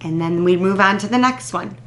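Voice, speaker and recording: A woman teacher leading a phonics warm-up for young children, sounding out words crisply and praising each answer patiently. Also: mid-range voice. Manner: patient, drawn-out, encouraging praise after pauses. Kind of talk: slow, deliberate phonics lesson to young children.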